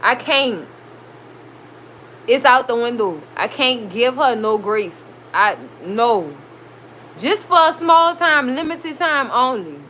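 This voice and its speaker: Heated, high-voiced woman recapping a show. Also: slow, a little hiss or hum, low-quality recording. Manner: animated, swearing, heated reactions. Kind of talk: casual TV recap vlog. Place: her room at home. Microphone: recorded.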